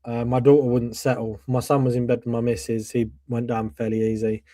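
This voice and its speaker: A man's voice: mid-range voice, flat delivery, fairly quick, dark tone, no room sound, clean studio sound. A man hosting a casual fan show, telling candid stories and swearing freely. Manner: candid, swears, tells anecdotes. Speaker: host.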